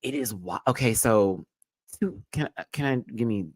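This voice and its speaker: A man hosting a live-stream TV review, talking in an animated, emphatic and slangy way with plenty of swearing, jumping between loud bursts and low mutters. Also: a little slow, no room sound. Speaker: show host reviewing a TV episode.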